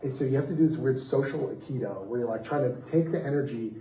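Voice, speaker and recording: A man, a comics writer on a festival panel, telling anecdotes in a lively way, acting out the people he quotes and laughing as he goes. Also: mid-range voice, fast, distant mic, a little hiss or hum. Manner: animated, acts out quoted voices, laughs mid-story. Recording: roomy echo, voice off-mic.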